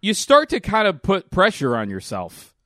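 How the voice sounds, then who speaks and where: A man's voice: high-pitched, huge pitch swings, moderate pace, a bit bright, dry recording, studio quality. Laid-back man telling a story on a podcast. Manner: laughs often, easygoing storytelling. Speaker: podcast co-host. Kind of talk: casual chat.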